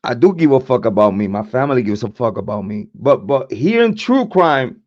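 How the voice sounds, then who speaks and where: With a medium-pitched, darkish voice, a man rants on his true crime livestream in a profane, combative way, very animated and barely pausing at normal speed. He repeats words and keeps stammering into restarts, all captured in dull lo-fi audio.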